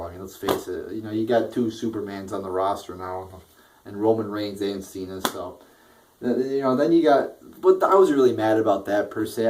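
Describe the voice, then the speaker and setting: With a slightly mellow, mid-range voice, a young man reviews a wrestling show in a loose, swearing rant. He keeps restarting sentences as his frustration builds.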